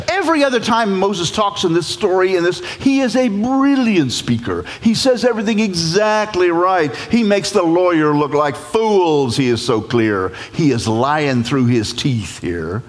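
A man preaching a humorous storytelling sermon, animated, playful and folksy as he retells a scripture story. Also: on the high side, moderate pace. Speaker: guest preacher. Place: large church sanctuary. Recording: long church reverb.

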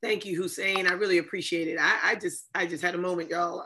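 Bright-voiced woman hosting a video-call ceremony. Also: on the low side, steady tone, fast talker, hardly any pauses, slightly rough. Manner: effusive, many fillers and thanks. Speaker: ceremony host.

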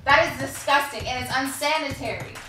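Indignant high-voiced woman, echoey. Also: a little fast, bright, forceful tone, recorded from a distance, slight background noise. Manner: indignant, disgusted, insistent. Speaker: vlogger. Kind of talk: casual argument. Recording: echoey room, voice off-mic.

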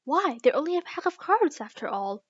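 A woman's voice: sits high, big pitch swings, moderate pace, no echo, dull audio, pitched above the performer's own voice. A woman reading aloud, voicing a timid and polite young girl.

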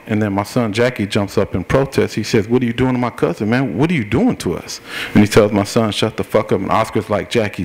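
A man's voice: lowish voice, slight background noise. A middle-aged man, an activist at a public forum, giving a plain-spoken personal account step by step and acting out what each person said. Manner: plain-spoken, recounts events step by step and acts out what people said. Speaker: activist speaking at a political forum. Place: forum meeting room.

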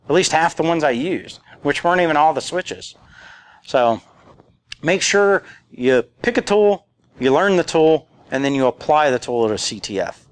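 A man's voice: fairly high pitch, a bit bright. A man in his forties giving a casual, joking conference talk and quoting old movie lines. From rural area. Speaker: conference speaker. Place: conference room.

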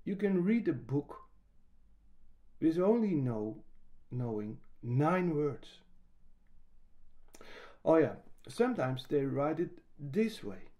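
A man gives a patient music lesson on reading rhythm. He speaks slowly, with a voice a little higher than usual for a man and plenty of rise and fall. His tone is dark and mellow. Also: sing-song. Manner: slow, patient explanation with sung rhythm syllables. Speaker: piano teacher. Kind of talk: music lesson, explaining and singing rhythm syllables.

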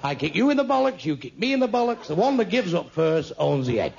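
A man's voice: a little high, sing-song, fast, creaky, a little mellow, lo-fi sound, slight background noise, voice pushed up. A man voicing a blunt, crude neighbour who proposes a kicking contest.

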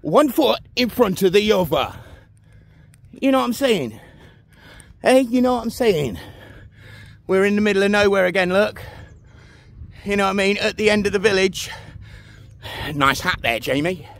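A man's voice: sits high, animated, moderate pace, creaky, long pauses, dry recording. A man chatting on a casual walk-and-talk vlog while out of breath, filmed outdoors on a phone as he walks along a village road. He keeps asking the viewer "you know what I mean". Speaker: vlogger.

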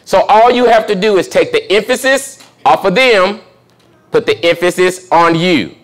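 Young guy pastor teaching a sermon, kinda high voice, chatty, keeps asking the room questions. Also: moderate pace. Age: young adult. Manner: conversational preaching, asks the congregation questions.

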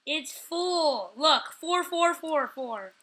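A woman hosts her gaming channel with live commentary, her voice high and bright. She talks excitably, repeating the same short phrases several times and yelling out whenever she catches something. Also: drawn-out words.

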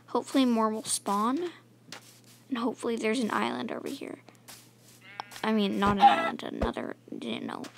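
A woman's voice: on the high side, vocal fry, a bit bright, a little hiss or hum. A woman giving casual, rambling let's-play commentary, mumbling and chatting to the animals in her game. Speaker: gaming channel host.

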